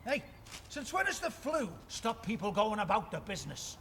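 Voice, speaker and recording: An actor playing a stubborn grumbling old dad. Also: male voice, sits high, sing-song, normal speed, pushed and bright, heavily acted. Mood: defiant. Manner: defiant, sarcastic grumbling. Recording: outdoor performance with crowd noise.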